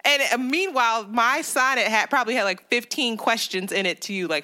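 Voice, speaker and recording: A woman co-hosting a podcast, chatting casually with a friend. Her voice is bright and forward, and she laughs easily. She acts out other people's lines as she tells stories. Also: fairly high pitch, normal speed. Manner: animated, laughs often, quotes people in voices. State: overworked, on edge. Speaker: podcast co-host. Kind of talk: casual banter.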